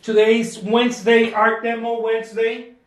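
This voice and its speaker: A man's voice: very high voice, level tone, a little slow. Jokey man in an echoey studio. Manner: jokey, chatty, self-mocking boasts. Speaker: artist hosting a drawing demo. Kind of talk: casual art demonstration. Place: art studio.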